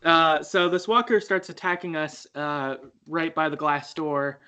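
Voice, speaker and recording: Guy recapping a game for his podcast, kinda higher voice, rambly and laughy. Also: steady tone, unhurried, bright, forceful tone, clear, resonant tone. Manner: rambling, many fillers and restarts, laughs easily. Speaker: podcast co-host. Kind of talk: casual game recap chat.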